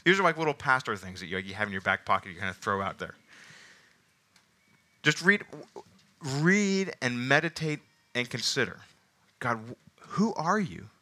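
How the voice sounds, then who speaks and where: Male pastor preaching a sermon, very bright, forceful tone, chatty asides. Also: medium pitch, lively intonation. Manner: emphatic, rising and falling with slowed stresses; casual asides amid scripture reading.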